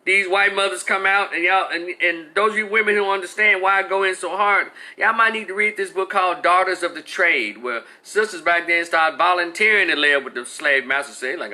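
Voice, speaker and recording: Brief: exasperated male commentator, blunt and profane, sharp and bright sound. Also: high voice, brisk, hardly any pauses. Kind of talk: heated opinion rant.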